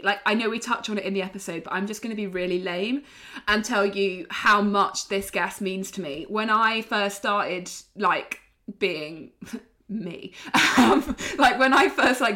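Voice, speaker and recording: A young woman co-hosting a podcast in casual chat, animated, laughing often and swearing freely. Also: medium pitch. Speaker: podcast co-host.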